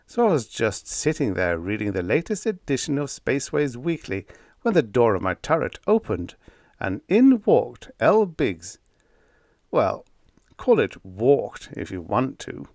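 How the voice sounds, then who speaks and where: A man's voice: mid-range voice, vocal fry, darkish tone, no room sound, studio quality. A man narrating a humorous pulp sci-fi story in the first person, in a wisecracking storyteller's manner. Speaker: audiobook narrator.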